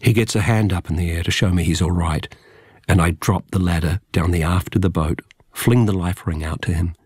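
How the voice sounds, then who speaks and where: A man reading first-person narration from a book in a measured, quiet, unhurried way. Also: sits low, steady tone, breathy edge, no echo, studio quality. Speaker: audiobook narrator.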